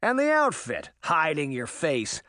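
A man's voice: a little high, wildly swooping pitch, unhurried, sharp tone, no echo, clean studio sound, full character voice. A man voicing a cocky, wisecracking uncle who mocks his opponent. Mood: taunting. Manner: wisecracking, taunting. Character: cocky, mocking adult uncle.

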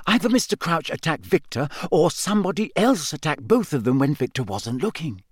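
A man voicing a clever, bossy teenage schoolgirl in an audiobook, speaking briskly and a little sharply. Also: a little high, animated, no echo, studio quality, voice pushed up. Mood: impatient. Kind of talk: audiobook character voice.

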